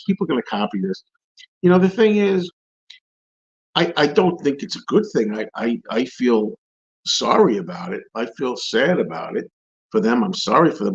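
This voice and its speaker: A man's voice: medium pitch, lively intonation, normal speed, slightly rough, muffled recording. A man hosting a live stream, answering viewer questions in casual rambling chat, repeating and restarting his phrases as he rants.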